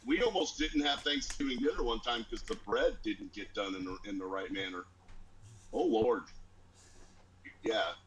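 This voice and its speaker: A man co-hosting a casual chat, telling family stories with lively put-on voices. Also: moderate pace, long pauses, slight background noise, rough recording. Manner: animated storyteller, squeaky voice for grandma. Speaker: podcast co-host.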